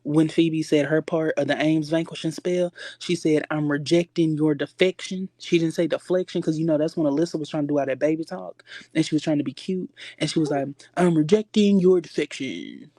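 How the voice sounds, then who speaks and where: A man's voice: on the high side, fairly even intonation, brisk, dark tone, no echo, studio quality. A man hosting a casual livestream chat, sassy and rambling, often stopping himself to get back on track. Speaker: livestream host. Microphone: phone.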